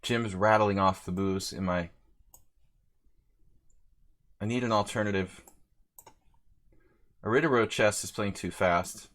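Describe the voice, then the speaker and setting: Playing a live chess simul from Hungary, a man keeps up rambling, casual commentary between moves and reads off viewer names. He has a lowish, fairly bright voice with fairly even intonation and a moderate pace.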